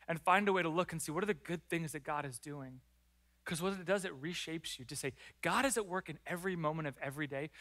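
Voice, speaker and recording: Male pastor preaching, higher than most men, bright and forceful, animated delivery that acts out little prayers. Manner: animated, acts out prayers and complaints in lively voices. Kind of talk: sermon. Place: church.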